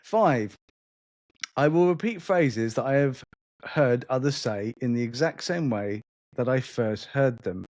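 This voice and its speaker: A man's voice: mid-range voice, expressive, measured pace, a little mellow, no echo, clean studio sound. A man co-hosting a podcast in casual chat, with an accent between London and polished English, rambling and restarting his sentences. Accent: London mixed with a more polished English. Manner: rambling, repeats words and restarts often. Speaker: podcast co-host.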